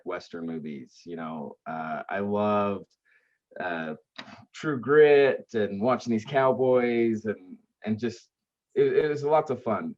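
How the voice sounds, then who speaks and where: A man with a fairly low, slightly mellow voice appears as a podcast guest; he founded an aftercare service. He earnestly recounts helping grieving families, full of fillers and restarts, and the recording sounds dull and lo-fi.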